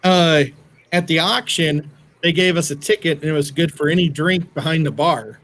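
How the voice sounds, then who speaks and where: His voice fairly high and a bit bright, a middle-aged livestream co-host chats casually at a normal speed. He comes across as a talkative storyteller who tends to ramble.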